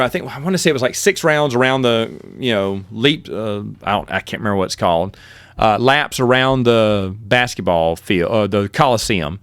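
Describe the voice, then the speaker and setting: A middle-aged man, host of his own podcast, casually telling rambling, self-deprecating stories and jumping up high in pitch when he quotes himself. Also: clean tone, no echo, studio quality. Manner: animated, with sudden jumps in pitch when quoting himself. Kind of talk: casual storytelling.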